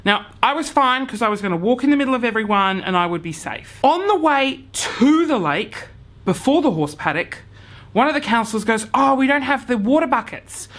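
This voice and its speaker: A young man vlogging a comic story to camera, acting out his own panic with hushed whispers, swearing and sudden shouts. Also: extremely high pitch, lively intonation, normal speed.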